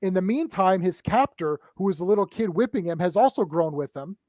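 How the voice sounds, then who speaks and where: High-voiced man eagerly breaking down a film. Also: no echo. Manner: animated, excited retelling of scenes; talks in quick bursts with frequent restarts and "right?" tags. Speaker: movie discussion panelist. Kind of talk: casual live-stream film chat.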